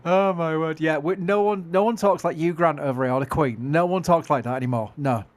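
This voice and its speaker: A middle-aged man with a Yorkshire English accent chats casually on a livestream. His voice sits a little high, and he is self-mocking and laughs easily. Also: a little fast. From England. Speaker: livestream commentator.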